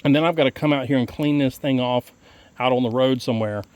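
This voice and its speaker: Standing outdoors beside his tractor, an equipment vlogger gives a folksy, rambling how-to walkthrough loaded with fillers. He talks fast in a mid-range voice with a darkish tone and no echo.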